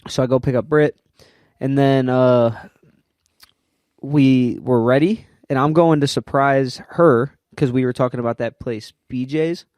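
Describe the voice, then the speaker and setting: A man's voice: mid-range voice, measured pace, a little mellow, no echo. Young guy rambling through a story on a podcast, lots of "like", dry mic. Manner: rambling storyteller, heavy use of "like". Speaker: podcast co-host. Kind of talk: casual chat.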